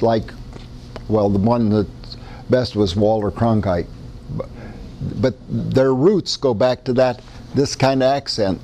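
A man's voice: medium pitch, mellow, slight background noise. A man with a Midwestern American accent preaching a sermon in a conversational, folksy way, often restarting his sentences. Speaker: pastor.

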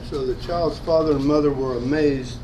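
A man speaks up casually from the congregation and chuckles as he goes. He is heard from far off, with clear background noise around him. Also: fairly high pitch, fairly even intonation, normal speed. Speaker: congregation member. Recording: distant room mic, background noise.

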